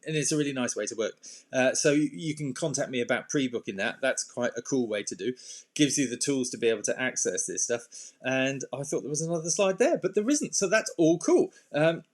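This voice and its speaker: A man coaching on anxiety in a casual, rambling talk, full of fillers and restarts, with sudden playful bursts. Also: mid-range voice. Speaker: anxiety and self-esteem coach. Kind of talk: casual talk to camera with slides.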